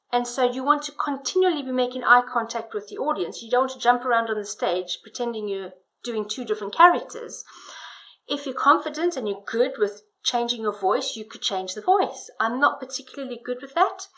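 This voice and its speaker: An expressive woman teaching how to tell a story. Her voice sits a little high, and she talks in an emphatic way that rises and falls in loudness. She sounds like a coach giving practical tips. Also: moderate pace, rough recording. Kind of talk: instructional talk on public speaking.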